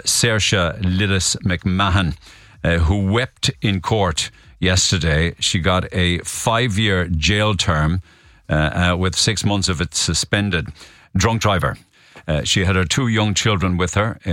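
A man hosting a radio talk show, going through the morning papers in a measured way with frequent hesitations. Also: low-pitched, fairly bright tone, no echo, clean studio sound. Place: radio studio. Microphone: close studio mic.

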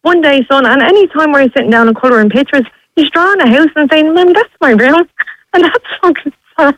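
A woman's voice: high-pitched, expressive, fairly quick, dry recording, poor audio. Tearful Irish woman calling in. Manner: emotional, pleading, crying at times. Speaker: radio caller. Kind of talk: phone-in radio call.

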